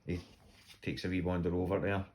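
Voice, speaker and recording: Speaking fairly quickly in a low, darkish voice with flat delivery, a Scottish man casually recounts funny tales about his dog. Laughter breaks in often, and he performs voices within the anecdotes.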